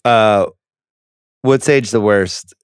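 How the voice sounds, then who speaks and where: A man's voice: fairly low pitch, drawn-out words, smooth, no echo, studio quality. Wry man hosting a movie podcast. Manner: wry, list-running, acts out quotes in loud bursts. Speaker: podcast host. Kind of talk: casual movie podcast chat.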